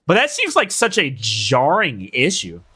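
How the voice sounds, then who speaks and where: A man's voice: a little high, wildly swooping pitch, unhurried, bright, forceful tone, breathy edge. A young man casually commenting as he plays a game on stream, reacting, swearing and talking to his chat.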